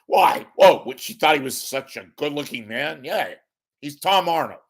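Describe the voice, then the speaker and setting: A man hosting his own show, ranting casually to camera in a rambling, wisecracking, profane way, often clearing his throat. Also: fairly high pitch, animated, normal speed. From San Francisco Bay Area. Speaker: host of a media commentary show. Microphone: webcam or camera at desk.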